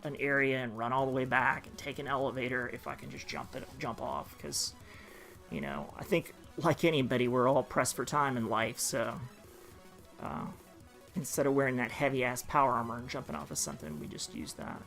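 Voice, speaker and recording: A man giving casual, rambling gameplay commentary, full of pauses and restarts. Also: medium pitch, fairly bright tone. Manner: rambling, with many fillers and restarts. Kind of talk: casual let's-play commentary. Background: game music.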